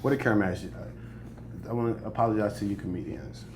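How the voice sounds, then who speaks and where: A man's voice: on the low side, fairly quick, noisy background. A young American man, a comedian, chatting casually in an interview, boastful and joking, laughing often. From United States. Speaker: comedian guest.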